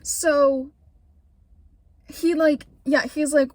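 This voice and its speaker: A woman's voice: sits high, unhurried, no room sound. A young woman telling a rambling, swear-filled casual story to her camera while driving, full of fillers. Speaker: vlogger. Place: in a car.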